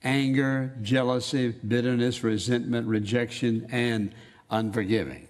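A man preaching a sermon, emphatic, slowing down to read scripture quotes with weight. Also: medium pitch, a little mellow. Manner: emphatic, quotes scripture in slow dramatic readings.

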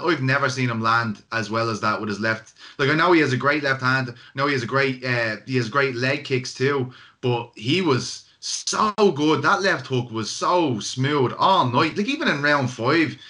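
Bright-voiced man, eager. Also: mid-range voice, animated, moderate pace, hardly any pauses. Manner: eager, asks probing questions, lots of "like". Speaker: guest MMA journalist. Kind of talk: casual chat.

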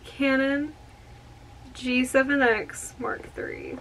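A woman in her early twenties chatting through an excited unboxing vlog, gushing with many exclamations. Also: sits high, drawn-out words, a little hiss or hum. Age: 20s. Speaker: vlogger. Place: home room with outdoor yard noise.

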